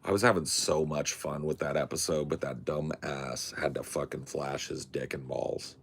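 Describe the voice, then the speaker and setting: A man's voice: a bass voice, fairly even intonation, moderate pace, creaky, breathy edge. A man hosting a podcast, telling stories in a laid-back, profane way and laughing often. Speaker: podcast host. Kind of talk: casual storytelling chat.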